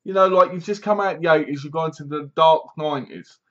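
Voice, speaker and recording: A man's voice: fairly high pitch, quick pace. Rambling man reviewing a film. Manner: rambling, animated retelling with sound effects and asides. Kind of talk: casual spoken film review. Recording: dull lo-fi home recording.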